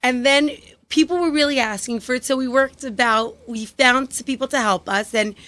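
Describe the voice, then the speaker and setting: A woman's voice: high voice, normal speed, fairly bright tone. Woman with a thick New York accent. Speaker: guest, liqueur maker. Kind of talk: casual interview chat.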